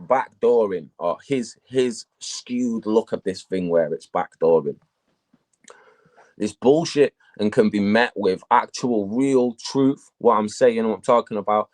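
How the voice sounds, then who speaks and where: A man, a battle rapper, telling stories in a casual interview, profane and animated. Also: on the low side.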